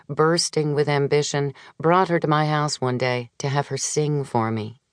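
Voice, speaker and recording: A woman narrating a memoir audiobook in a measured, wry storytelling manner, recorded close on a studio mic. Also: rumbling low, no echo.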